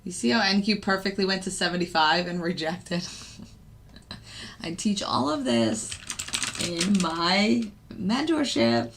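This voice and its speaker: A woman's voice: mid-range voice, lively intonation, slow pace, gravelly, background noise. A woman trader giving casual live commentary on the markets, thinking aloud with fillers and the odd laugh. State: hiccups. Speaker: futures day trader and channel host.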